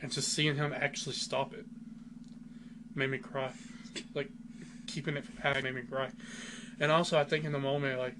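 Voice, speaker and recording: A man's voice: medium pitch, level tone, a little fast, pauses often. Rambling, enthusiastic man, podcast chat. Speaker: podcast co-host. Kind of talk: casual chat. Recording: noisy home recording.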